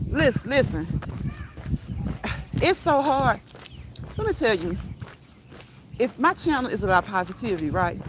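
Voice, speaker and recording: A woman hosting a casual walk-and-talk fitness livestream, chatting with her live chat and laughing often as she walks outdoors with her phone. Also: mid-range voice. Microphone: phone held while walking. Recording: outdoor phone audio with loud background noise.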